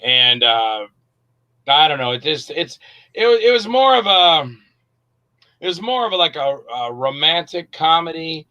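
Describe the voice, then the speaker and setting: A man, an actor and director, chatting as an interview guest and telling animated stories. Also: fairly high pitch, a little slow, dull audio. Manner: animated storyteller, acts out quotes. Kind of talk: casual interview chat.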